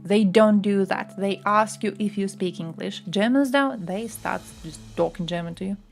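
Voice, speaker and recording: A young woman talks casually on her livestream, ranting bluntly with plenty of swearing. Her voice sits at a middle pitch. Faint music plays quietly behind her. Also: moderate pace, creaky.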